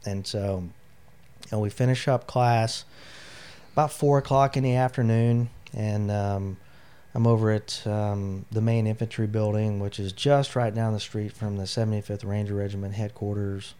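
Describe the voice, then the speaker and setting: A man's voice: fairly low pitch, steady tone, moderate pace, mellow, clear, resonant tone. A middle-aged man, an army veteran, telling his personal story in an interview, candid and emotional, with lots of "you know" fillers. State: near tears.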